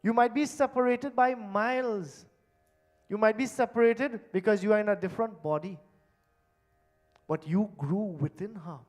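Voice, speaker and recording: High-voiced preacher. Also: male voice, moderate pace. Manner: emphatic, swinging between loud stresses and hushed low endings. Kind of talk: sermon. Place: temple hall.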